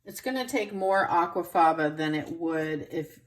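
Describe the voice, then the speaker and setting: A low-voiced cooking host works through a casual demonstration in her home kitchen at a moderate pace, wheezing and coughing from time to time. She's chatty and relaxed, thinks aloud, and kitchen clatter sounds in the background.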